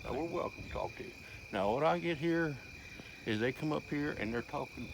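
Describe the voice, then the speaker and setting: A man's voice: fairly high pitch, brisk, creaky. A man with a Kentucky accent, a homeowner and father, angrily and bluntly confronting officers in his yard at night. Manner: angry, blunt, drawling. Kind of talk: heated confrontation. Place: outdoors at night, rural yard. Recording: noisy outdoor phone recording. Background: crickets and insects.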